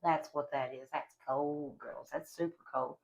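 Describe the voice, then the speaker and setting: A woman's voice: deep voice, fairly even intonation, measured pace, poor audio. Folksy Appalachian woman chatting to camera. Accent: Appalachian Southern US. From West Virginia, USA. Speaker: vlogger reviewing products. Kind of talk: casual chat to camera. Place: at home.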